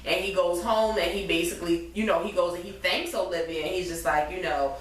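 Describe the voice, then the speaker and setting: A woman's voice: lowish voice, brisk. A woman in casual chat, recapping a TV episode with a co-host and retelling its scenes. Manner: animated, swearing, retelling scenes in quoted voices. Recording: echoey room, far from the mic, faint noise.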